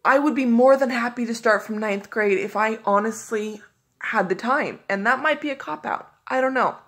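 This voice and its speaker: A woman's voice: fairly high pitch, normal speed, a bit bright, husky. Exasperated woman telling a story. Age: adult. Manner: frustrated, exasperated retelling of phone calls. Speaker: vlogger. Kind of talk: casual storytelling to camera.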